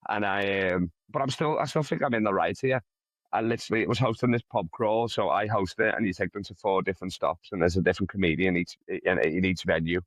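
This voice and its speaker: A man's voice: deep voice, quick pace, dry recording. A male comedian telling a rambling, profane story in a casual interview. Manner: profane, rambling, animated anecdote. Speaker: comedian guest.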